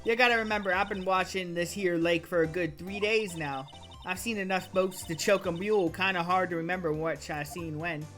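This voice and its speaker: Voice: mid-range voice, a little fast, fairly bright tone, soft background music, natural voice. A streamer voicing a brash, feisty Southern country woman photographer from a game, with a put-on Southern drawl and folksy talk. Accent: put-on American Southern drawl. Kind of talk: reading game dialogue aloud on stream.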